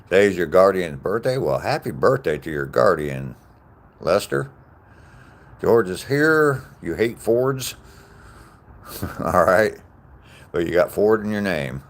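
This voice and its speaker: This is a low-voiced man in his sixties, very animated but a little slow, with long pauses. He's walking outdoors on a trail while casually chatting on a live stream, reading comments, calling out viewers by name, and saying "um" a lot.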